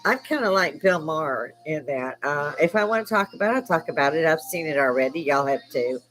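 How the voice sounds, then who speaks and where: A woman's voice: sits low, animated, a little fast, fairly bright tone, poor audio. An older woman from Chicago hosting a casual live stream chat, salty and profane, laughing often between stories. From Chicago, United States. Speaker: live stream host, army veteran.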